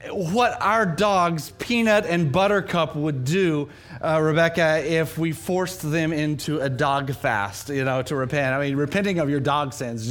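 A man from New Mexico, a pastor, preaching a sermon with animated, humorous storytelling and self-deprecating asides. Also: a little high, a little slow. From New Mexico, USA.

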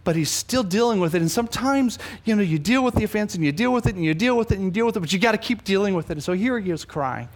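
A man preaching a sermon, animated, swinging between loud emphasis and hushed asides, often repeating words for emphasis. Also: high voice, fast, hardly any pauses. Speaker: pastor.

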